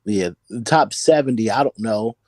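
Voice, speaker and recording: A man's voice: on the low side, normal speed, darkish tone. A man calling in to a sports talk show, giving emphatic opinions and often repeating words as he builds a point. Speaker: call-in guest on a sports podcast.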